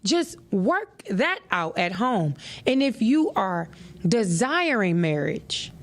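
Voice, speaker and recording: A woman's voice: mid-range voice, sing-song, slow pace. A woman hosting a podcast who gives relationship advice in a casual monologue. She talks in a preachy, emphatic way, repeats her points and uses plenty of "you know". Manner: conversational, peppered with "you know". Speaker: podcast host.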